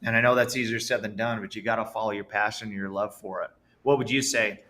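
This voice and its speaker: A man's voice: lowish voice, fast talker, slight background noise. A man who founded a business, a podcast guest telling stories with enthusiasm. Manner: enthusiastic, animated storyteller. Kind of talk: casual podcast conversation.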